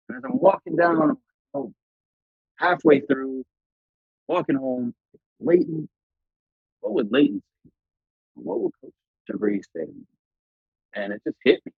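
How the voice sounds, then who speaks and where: A man with a gravelly, husky low voice recounts his life as a podcast guest, intense and animated as he voices his younger self. The sound is dry and close, on a dull, lo-fi podcast recording. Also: moderate pace, long pauses, no room sound. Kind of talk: personal storytelling in an interview.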